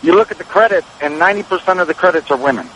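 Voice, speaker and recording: A man's voice: high-pitched, animated, rapid-fire, fairly bright tone, a little hiss or hum, rough recording. A man calling into a radio talk show, chatting in a laid-back, agreeable way. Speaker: caller. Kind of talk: casual call-in chat.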